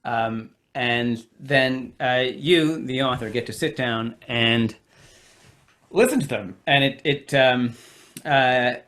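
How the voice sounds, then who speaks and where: A man in his forties, an American author talking on a video call, slightly nasal, with many pauses and fillers. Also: medium pitch, a bit bright. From United States. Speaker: author guest. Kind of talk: virtual event conversation. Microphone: home computer mic on video call.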